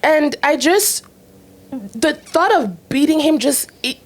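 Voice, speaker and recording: A young woman co-hosting a faith podcast, her voice sitting on the higher side. She talks in a casual, animated way and laughs easily as she tells stories. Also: takes it slowly. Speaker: podcast co-host. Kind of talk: casual chat.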